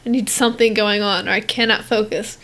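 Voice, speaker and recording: A woman's voice: mid-range voice, fairly even intonation, a little fast, fairly bright tone. A teenage girl co-hosting a podcast, chatting casually, rambling with lots of fillers and giggles. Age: teens. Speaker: podcast co-host. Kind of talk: casual chat.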